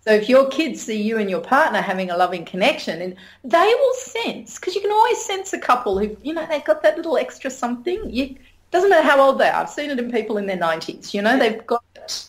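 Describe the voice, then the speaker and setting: A woman's voice: a little high, sing-song, fast. A middle-aged woman, talking frankly as an interview guest and laughing often. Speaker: interview guest, sex educator. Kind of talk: candid conversational interview.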